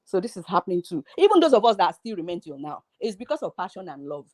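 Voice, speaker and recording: A guest on an online panel speaking earnestly, with halting speech and fillers. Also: mid-range voice, big pitch swings, darkish tone, dry recording. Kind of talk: casual live-stream talk.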